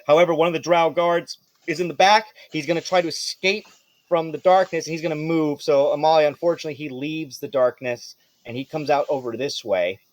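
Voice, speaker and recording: A man narrating as game master of a tabletop role-playing game, lively and quick to laugh. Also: a little high, no room sound. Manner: lively, laughs often, jumps into quick character shouts.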